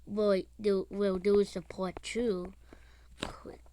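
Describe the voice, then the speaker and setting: A woman commenting as she plays a mobile game, excitable, with sing-song chatter and yelps. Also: medium pitch, slow pace. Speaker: gamer.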